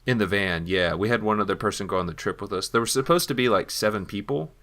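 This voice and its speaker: A man's voice: on the low side, fast talker, fairly bright tone. A young adult man co-hosting a podcast, telling stories in casual chat and acting out the lines he quotes. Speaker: podcast co-host.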